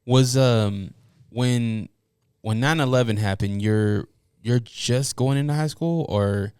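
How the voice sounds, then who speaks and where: A man hosting a podcast, asking slow, halting interview questions. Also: medium pitch, darkish tone, smooth, no room sound, studio quality. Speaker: podcast host.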